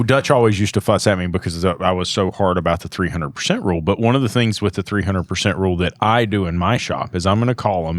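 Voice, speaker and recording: A man with a low voice talks earnestly on a casual podcast, reflecting on his own shop and often agreeing with his co-host. His voice is recorded dry and close, with no room sound. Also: dry recording.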